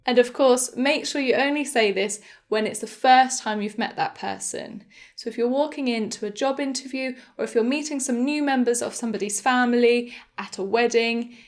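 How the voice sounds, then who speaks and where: Clear-spoken young woman teaching English. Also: a little high. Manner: slow, clear, demonstrative pronunciation of example phrases. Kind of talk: beginner English lesson.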